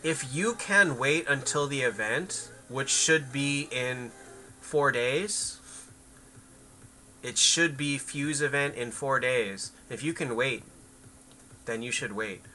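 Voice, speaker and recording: A man streaming games who talks in a loose, rambling way, answering chat as he plays. His voice is very bright and sharp-edged. Faint music plays under him. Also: medium pitch, slow, low-quality recording. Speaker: game streamer. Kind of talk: casual livestream chat.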